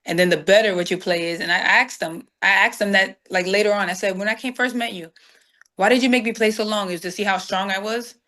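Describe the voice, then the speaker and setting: Woman telling a story, acts out everyone's lines, lively. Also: mid-range voice, fairly quick. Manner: animated storyteller acting out quoted dialogue. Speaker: guest saxophonist. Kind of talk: storytelling interview.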